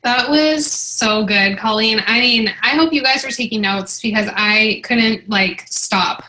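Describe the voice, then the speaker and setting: Woman host, 30s, casual rambling chatter, bright tone, video call. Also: a little high, a little slow, poor audio. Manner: rambling, with many fillers. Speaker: team leader and host.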